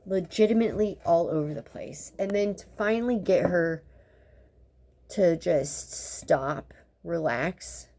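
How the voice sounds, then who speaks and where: A woman's voice: on the low side, slow, mellow. A woman in her fifties who works in dentistry, venting in a blunt, profane, sarcastic monologue that rambles with exasperation. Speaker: dental practitioner.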